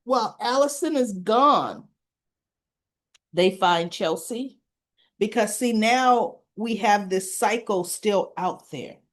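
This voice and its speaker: A woman's voice: medium pitch, slow pace. A woman recapping a soap opera episode in a casual, chatty way, retelling scenes and adding her own asides.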